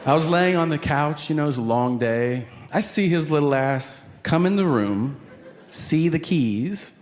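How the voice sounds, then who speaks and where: A man doing a stand-up comedy routine on stage, acting out voices in his stories, swearing and shouting punchlines, with a live audience laughing. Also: fairly high pitch, lively intonation, unhurried, crowd noise. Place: large venue before a laughing audience. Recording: live hall with reverb and loud ambience.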